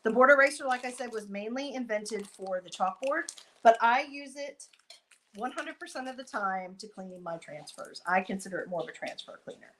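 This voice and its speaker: A woman giving a chatty live-stream craft tutorial, talking viewers through each step while she works and breaking off for quick asides. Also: fairly high pitch, lively intonation, a bit bright, slight background noise, poor audio. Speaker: craft demonstrator.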